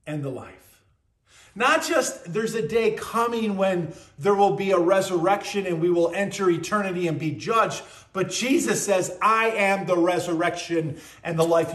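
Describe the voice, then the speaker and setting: A high-pitched man preaches with earnest conviction, repeating his questions for emphasis. He moves between loud declarations and hushed asides. His voice rings with the echo of the room around him. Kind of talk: sermon.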